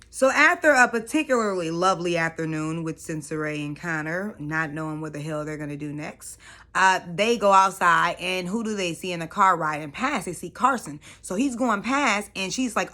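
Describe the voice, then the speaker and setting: Sassy woman with a bright voice. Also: fairly low pitch, normal speed. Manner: sassy, slangy, talks straight to viewers. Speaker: reality TV recap host. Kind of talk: casual recap commentary.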